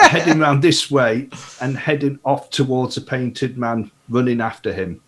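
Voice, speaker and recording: A man playing a tabletop game online with friends, joking and animated. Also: medium pitch, normal speed, few pauses, a little hiss or hum. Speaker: player. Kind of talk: casual tabletop play.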